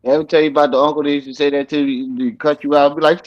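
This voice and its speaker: A man's voice: on the high side, fast, rough recording. A man chatting casually as a stream co-host, laughing and telling jokey stories. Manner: laughing, jokey, animated storytelling with put-on voices. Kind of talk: casual chat.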